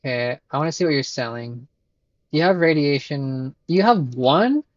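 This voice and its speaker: A man's voice: fairly high pitch, animated, normal speed, no echo, dull audio. A man streaming a game, casually commenting, swearing and laughing as he reads dialogue aloud. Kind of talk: live gameplay commentary, reading dialogue aloud.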